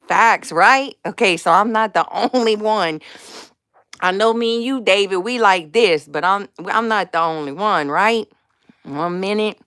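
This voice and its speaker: A woman hosting her own live stream, talking casually about faith in a slangy, animated way and laughing often. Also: mid-range voice, a little slow, no room sound, clean studio sound.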